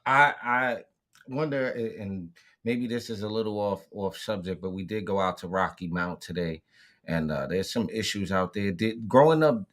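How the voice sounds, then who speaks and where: A man's voice: on the low side, normal speed, a bit bright. A man co-hosting a podcast, asking a guest casual, searching questions. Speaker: podcast co-host. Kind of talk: interview conversation.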